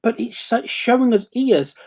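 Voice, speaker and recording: A man in casual chat, excitable and rambling, with many restarts and bursts of acted-out quotes. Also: very high-pitched, moderate pace.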